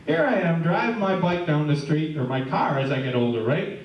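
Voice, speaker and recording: High-voiced comedian in an echoey hall. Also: male voice, animated, brisk, lo-fi sound. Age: middle-aged. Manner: joke-telling, chatty, asks the crowd questions. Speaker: stand-up comedian. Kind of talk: stand-up routine with audience banter. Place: live stage before an audience. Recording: echoey room, heard from far off.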